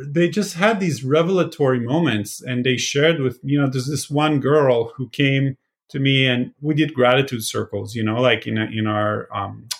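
Man, casual podcast guest, talks about teaching, animated and rambling. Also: mid-range voice. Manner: animated storyteller, many fillers. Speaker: former positive psychology teacher. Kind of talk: casual conversation.

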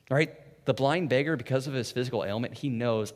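A man preaching a sermon in a conversational way, often adding "right?" and swinging from hushed, soft passages to loud, intense ones. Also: medium pitch, brisk. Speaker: pastor. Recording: long reverb of a large hall.

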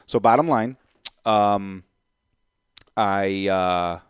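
A male real estate investor speaks very slowly in a smooth, lowish voice, recorded in a studio with no echo. He tells a story to camera in a casual, animated way, performing both sides of a deal and thinking out loud through the arithmetic.

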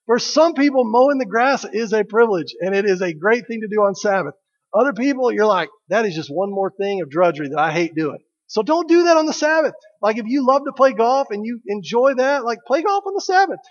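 Very high-pitched and lively in intonation, this preacher talks a little fast. He jokes, speaks conversationally, and quizzes his congregation, all captured in dull audio drenched in long hall reverb.

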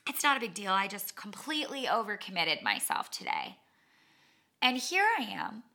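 A woman hosting a podcast, telling a story in a chatty, animated way with dramatic asides and self-mocking humor. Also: medium pitch, moderate pace, vocal fry. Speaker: podcast host and cycling instructor. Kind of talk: casual monologue storytelling.

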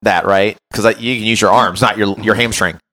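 A man hosting a podcast as a run coach, telling an animated, self-mocking story in casual chat and often checking in with "right?". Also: on the low side, fairly quick.

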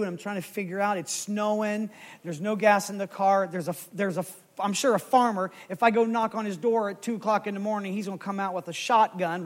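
A man preaching a sermon, telling a story and quoting scripture with growing fervor. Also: very high-pitched. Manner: animated, rises to loud fervent scripture quoting.

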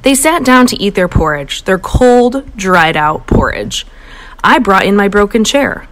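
A woman reading a children's picture book aloud in a playful storytelling voice. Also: a little slow. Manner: animated, playful, pitch jumps high for voices. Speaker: storybook reader.

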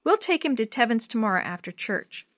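A woman reading the lines of a calm, patient mother in a storybook. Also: a little high, a little fast, no room sound.

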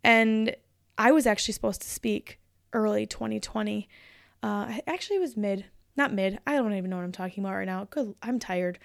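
A woman's voice: a little high, gravelly, dry recording, studio quality. A woman in her thirties hosting a solo podcast, talking in a chatty, upbeat and encouraging way. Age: 30s. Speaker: podcast host and motivational speaker.

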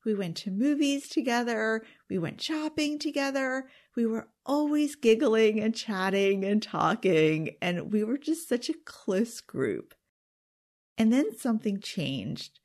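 A woman's voice: fairly high pitch, animated, measured pace, darkish tone. A woman giving a confiding self-help talk straight to her listeners, earnest and intimate, sometimes dropping to a whisper. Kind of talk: confiding direct-to-camera talk.

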